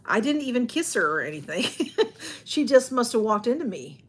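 Lady rambling on a home livestream, kinda husky, a bit high. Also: sing-song, moderate pace. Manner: rambling, chatty, greets viewers and reads comments aloud. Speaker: livestream host. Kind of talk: casual livestream chat.

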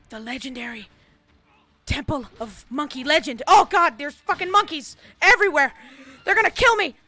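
A woman doing gameplay commentary, swearing freely and slipping into melodramatic mock-heroic monologues with bursts of yelling. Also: high-pitched. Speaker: gamer.

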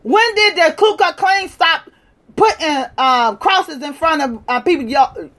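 A woman hosting a livestream, lecturing and challenging viewers in a combative way, moving from shouting to quiet muttering. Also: high-pitched, lively intonation, unhurried. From United States. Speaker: livestream host. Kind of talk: live-stream rant to viewers.

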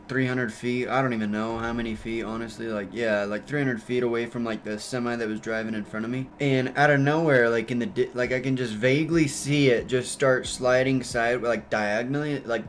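A young man chatting casually over gameplay, telling a story full of swearing and fillers, and getting loud and worked up at the game. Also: medium pitch, slight background noise. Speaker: gaming YouTuber.

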